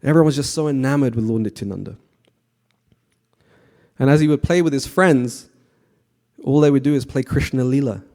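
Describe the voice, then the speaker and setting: A man giving a conversational devotional class to a temple audience, often asking the audience questions and pausing with fillers. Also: mid-range voice. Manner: frequent fillers and restarts, relaxed.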